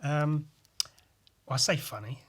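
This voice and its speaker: A man's voice: on the high side, unhurried, fairly bright tone, slight background noise. A young man hosting a solo podcast, rambling in a meandering way with lots of swearing. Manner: meandering, full of fillers and swearing. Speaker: podcast host.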